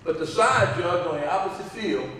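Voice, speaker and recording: In a high-pitched voice at normal speed, a middle-aged father tells stories during a hall of fame induction speech at a banquet, acting out what people said and laughing through asides. The large hall sounds echoey, the mic picks him up from far off, and there's slight background noise.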